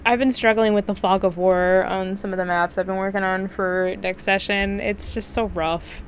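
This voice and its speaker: A woman's voice: medium pitch, fairly even intonation, moderate pace, slight background noise. A woman playing a tabletop game over voice chat, laughing often and swearing casually. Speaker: player.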